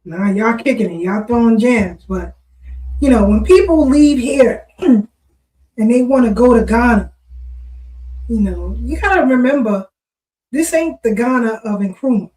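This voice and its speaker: A woman's voice: fairly high pitch, expressive, measured pace, pauses often, darkish tone. A woman in a casual discussion, speaking firmly and in casual slang. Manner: firm, cautionary tone, casual slang. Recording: roomy, distant from mic.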